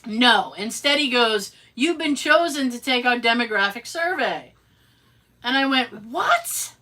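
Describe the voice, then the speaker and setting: A woman co-hosting a podcast tells a story in casual chat, animated and sarcastic, throwing in asides and acting out quotes. Her voice is a little high and a little slow.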